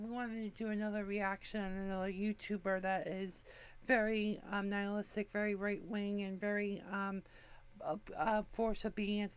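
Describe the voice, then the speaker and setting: A woman's voice: medium pitch, smooth. A woman in her forties hosting a talk show in casual chat, rambling with many fillers and restarts. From United States. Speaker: podcast host.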